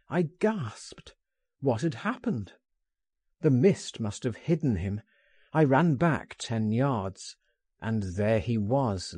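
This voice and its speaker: Slow, expressive husky male narrator. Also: medium pitch, dry recording. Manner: expressive, theatrical. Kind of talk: audiobook memoir reading.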